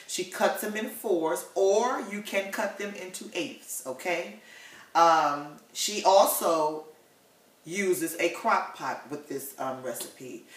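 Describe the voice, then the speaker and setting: Slow-talking chatty woman, roomy kitchen. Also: on the low side, a bit bright. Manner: chatty, tags sentences with "okay?" and "you guys". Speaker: home cook vlogger. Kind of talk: casual cooking demonstration. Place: home kitchen. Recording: roomy kitchen with faint sizzle. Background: pan sizzling.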